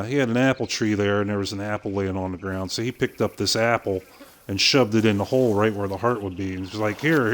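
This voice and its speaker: Older guy on a game stream, lowish voice, spinning a story and cussing a lot. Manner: animated anecdote-telling with impressions and swearing. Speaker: gaming streamer. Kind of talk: casual storytelling while playing.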